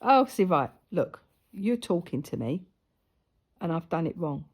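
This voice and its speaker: Recorded on a camera close in front, this middle-aged sewing vlogger rambles through stories as she works, often dropping to a whisper for asides. Her lowish voice has a breathy edge, swings widely in pitch, and moves at an unhurried pace.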